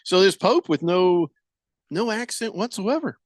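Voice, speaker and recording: Rambling radio host with lively pitch. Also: male voice, measured pace, dry recording. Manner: rambling, jokey, stammers and restarts; acts out quoted voices for laughs. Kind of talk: casual sports radio chat.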